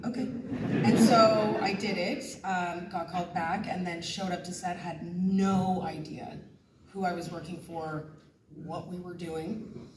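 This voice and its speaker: A woman animatedly telling a story as a voice actress on a panel, quoting herself. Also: on the low side. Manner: animated, excited, quotes herself. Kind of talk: casual storytelling on stage. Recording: echoey hall, distant mic, noise.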